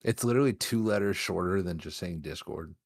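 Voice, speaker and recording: Man, very deep, husky, teasing dry jokes, dry sound. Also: brisk, no echo. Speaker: podcast guest. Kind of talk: casual chat.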